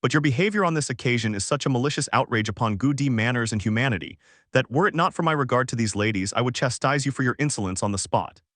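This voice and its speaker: A man's voice: medium pitch, expressive, a bit bright, dry recording, clean studio sound. A man reading as a cunning, silver-tongued young adventurer. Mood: haughty. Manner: haughty, measured rebuke. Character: cunning, smooth-talking young male adventurer.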